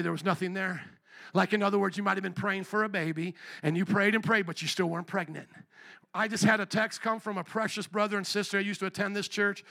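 A male pastor preaching a live sermon in a church, energetic, questioning the congregation and calling for responses. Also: high-pitched, creaky. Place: church sanctuary.

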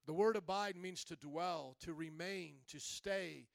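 A male pastor with a high, resonant voice reads scripture slowly and deliberately. He leads the congregation in call-and-response. The sound is close and dry. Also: gravelly, no room sound. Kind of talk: sermon with scripture reading.

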